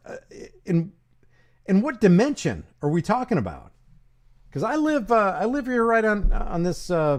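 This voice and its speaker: This commentator, a man with a high, darkish voice, hosts a casual stream where he reads out verses. He answers each one with sarcastic, mocking asides in live-stream commentary.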